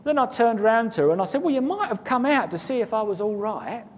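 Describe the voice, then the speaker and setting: A man's voice: animated, a little fast. A man telling a personal story in a casual, rambling way, often repeating words and chuckling. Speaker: guest recounting an experience. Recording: long reverb, faint rumble.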